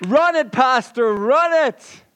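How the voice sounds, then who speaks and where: A man acting out an excited church congregation chanting back to the preacher. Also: slow pace, exaggerated voice. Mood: cheering. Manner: shouted high cheering chant.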